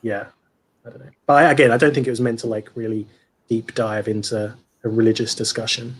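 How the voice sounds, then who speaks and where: A man's voice: mid-range voice, level tone, breathy edge. A man co-hosting a casual livestream book club, hedging his critiques with many fillers. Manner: hedging, lots of "like", measured critique.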